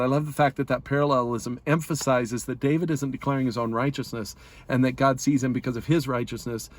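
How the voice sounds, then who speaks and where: A man giving a relaxed, conversational Bible study talk, explaining plainly with fillers and restarts. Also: mid-range voice. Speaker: Bible teacher.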